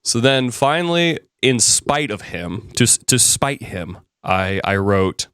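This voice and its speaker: A man teaching a business presenting class, telling a story in a relaxed conversational way, with many fillers and restarts. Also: medium pitch, slow, hardly any pauses, clear, resonant tone, no echo, clean studio sound. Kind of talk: casual classroom lecture with anecdotes.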